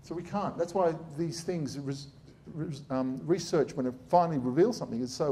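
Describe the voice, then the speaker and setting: A man's voice: on the high side, moderate pace, mellow. A middle-aged man, a surgeon giving a blunt, sarcastic public talk.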